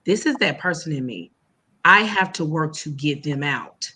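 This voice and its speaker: Bright-voiced woman telling classroom stories. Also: low voice, animated, moderate pace, husky. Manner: earnest storytelling, acts out classroom exchanges. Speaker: educator and podcast guest. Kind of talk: casual chat.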